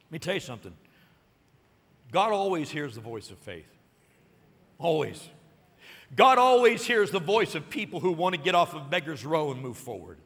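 A man preaching a sermon, telling a story with lively acted-out voices and rising to excited peaks. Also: on the high side, long reverb tail. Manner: animated storytelling, acting out voices and building to shouted peaks. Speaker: pastor.

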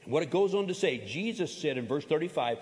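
A man's voice: fairly high pitch, lively intonation, fast talker, darkish tone. Emphatic male pastor in a reverberant hall. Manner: emphatic, repeats key phrases, folksy humorous asides. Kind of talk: sermon. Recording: long reverb of a large hall.

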